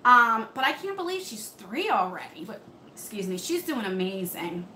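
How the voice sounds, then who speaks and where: A woman's voice: medium pitch, very animated, normal speed, bright, forceful tone, echoey room, a little hiss or hum, rough recording. A woman, hosting a live beauty stream from home and answering viewers' comments in a chatty way. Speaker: beauty channel host. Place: home room under hot lights.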